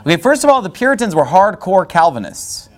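A man's voice: high-pitched, big pitch swings, a little fast. A man preaching a sermon in church, firing rhetorical questions at the congregation. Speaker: pastor.

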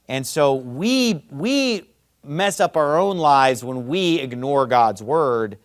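A man preaching a sermon as pastor, blunt and fiery, swinging between loud emphatic outbursts and quiet asides. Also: mid-range voice, dry recording, clean studio sound.

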